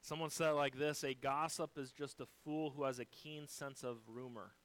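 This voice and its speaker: A man delivering a sermon as a pastor, swinging between loud emphasis and soft, quiet lines while quoting scripture. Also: medium pitch, fairly even intonation, normal speed, rough recording.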